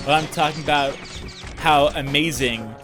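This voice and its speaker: A man's voice: fairly high pitch, moderate pace. Rambling young man chatting over a game. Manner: rambling, animated storytelling with many fillers. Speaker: let's player. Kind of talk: casual chat over gameplay. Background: game music.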